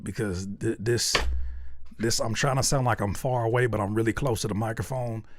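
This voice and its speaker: A man hosting a livestream where he reviews submitted music, giving blunt, slangy, joking feedback and often jumping up to loud excited shouts. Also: lowish voice, normal speed, heavy background noise. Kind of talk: casual livestream commentary.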